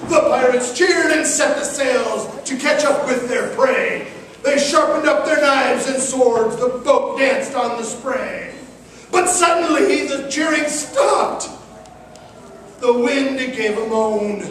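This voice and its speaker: A man's voice: extremely high pitch, slow pace, a bit bright, slight background noise. Playful storyteller man, echoey hall. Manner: joking, playful banter with the audience. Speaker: children's storyteller and performer. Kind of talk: live rhyming story reading to schoolchildren. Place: large hall or school auditorium. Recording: echoey hall from far off with audience.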